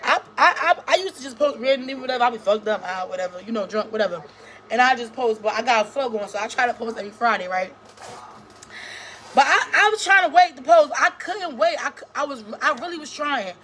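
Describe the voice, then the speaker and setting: A woman's voice: fairly high pitch, animated, quick pace, bright, forceful tone, a little hiss or hum. A woman in her thirties, a small-time YouTuber, ranting to her viewers in a blunt, profane vlog full of restarts. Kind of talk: casual vlog rant to camera.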